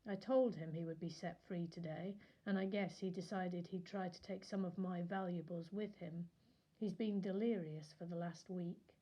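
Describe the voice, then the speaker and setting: Stern lying camp warden lady, curt and defensive, mellow low voice, read out by a woman. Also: fairly even intonation, normal speed, hardly any pauses, lo-fi sound, close to an everyday voice. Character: stern female camp warden, cold liar.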